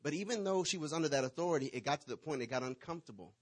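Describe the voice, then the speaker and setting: A man, preaching to his congregation and telling a lively personal story, swinging between loud bursts and hushed asides. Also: on the high side, racing. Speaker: pastor.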